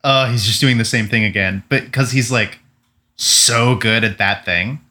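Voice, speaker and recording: A man's voice: lowish voice, unhurried, sharp tone. A young man co-hosting a casual podcast chat, talking loosely with lots of filler words and some swearing. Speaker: podcast co-host.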